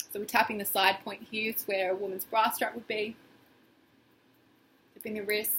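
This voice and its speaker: Bright-voiced woman guiding a tapping session. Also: medium pitch, moderate pace, pauses often, slight background noise. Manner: casual, expressive, acts out feelings in quoted phrases. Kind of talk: guided tapping exercise.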